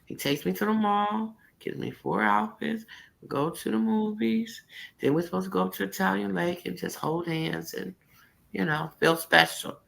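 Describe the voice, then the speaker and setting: A middle-aged woman casually telling a personal story, animated and laughing, jumping into high voices for quotes. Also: moderate pace, vocal fry, low-quality recording.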